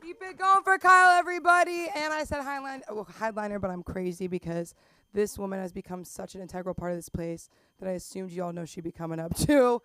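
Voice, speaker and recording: A man emceeing an open mic in a small comedy club, loudly and upbeat introducing the next comic. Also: high-pitched, fairly even intonation, brisk, smooth. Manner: loud, upbeat introductions, stretched words.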